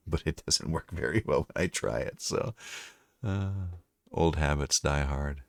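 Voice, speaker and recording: A man's voice: very deep voice, a little slow, vocal fry, no echo, studio quality. A Canadian man chatting casually on a live stream, rambling and chatty, now and then slipping into French. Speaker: livestreamer and voice-over narrator.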